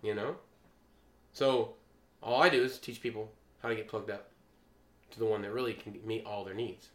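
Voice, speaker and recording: A man preaching a sermon with a bright, forceful tone. He leans hard on his words, pushing some lines loud and dropping others to a near hush. The room around him rings with echo. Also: on the low side, steady tone, normal speed, long pauses. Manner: emphatic, swings between loud and quiet.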